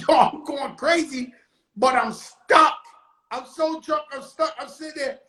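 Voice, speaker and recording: A man hosting his own live stream, telling a story in a casual, animated and profane way, with sudden shouted bursts. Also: very high-pitched, unhurried, reverberant, rough recording. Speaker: livestream host telling a story. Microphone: phone on a live stream.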